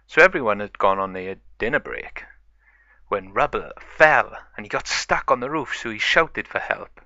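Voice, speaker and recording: A man's voice: lowish voice, bright, forceful tone, no echo, highs cut off. A man improvising a toy play story, narrating it in a chatty, plain way.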